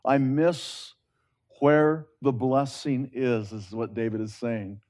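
Slow, earnest preacher man. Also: mid-range voice, flat delivery. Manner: swings between loud emphatic rises and hushed, drawn-out phrases; earnest, conversational preaching with repeated restarts. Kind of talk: sermon.

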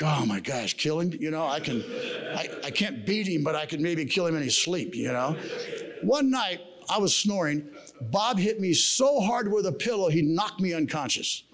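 A man's voice: fairly high pitch, a bit bright. A man giving a sermon at a men's camp, telling a personal story in a casual, slangy way. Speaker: camp speaker. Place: camp meeting room.

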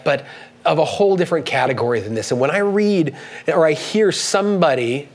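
An earnest man delivers a sermon to his congregation, halting and restarting as he talks. He lifts his voice when he reads out quoted passages, and his voice sits a little higher than most men's. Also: poor audio. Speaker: pastor.

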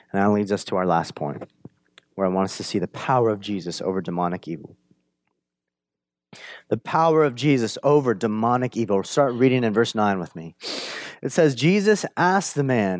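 A man preaching a sermon, conversational and animated, often asking "right?", swinging from emphatic bursts to hushed lines. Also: dry recording. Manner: animated, builds up to emphatic high-energy retelling, drops to hushed low lines. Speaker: pastor.

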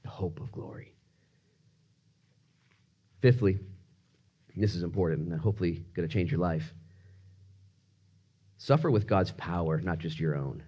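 A man preaching a sermon, telling personal stories and acting out quotes, with sudden swings between loud bursts and hushed asides. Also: deep voice, animated, moderate pace, long pauses, muffled recording. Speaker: pastor.

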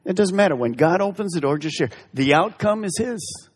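A man's voice: sits high, expressive, normal speed, breathy edge, in a large hall. A male pastor preaching a sermon with emphatic delivery, asking the congregation direct questions.

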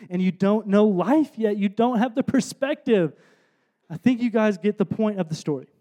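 A man with a high, light voice preaches a sermon from the stage. He tells a story in a relaxed way, drops to quiet asides, then builds to loud emphatic points. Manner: storytelling, shifts between soft asides and loud emphatic bursts. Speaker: pastor. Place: stage before a congregation.

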